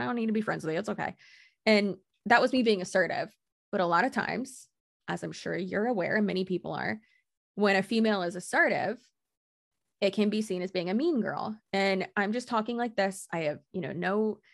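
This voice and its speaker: A woman's voice: mid-range voice, gravelly, no room sound, studio quality. A woman talking casually and bluntly as a podcast guest, assertive, swearing freely and laughing often. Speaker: guest content creator.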